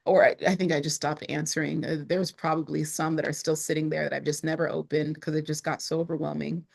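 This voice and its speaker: A woman's voice: low voice, little pitch movement, fast, creaky. A woman speaking to camera in a casual vlog about her online business, chatty, with frequent laughs and restarts.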